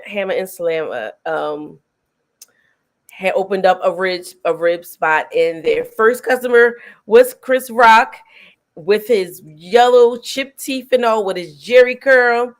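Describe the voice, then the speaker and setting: A middle-aged woman hosting a casual film review chat, retelling scenes with animated energy and frequent laughter. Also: lowish voice. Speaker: host.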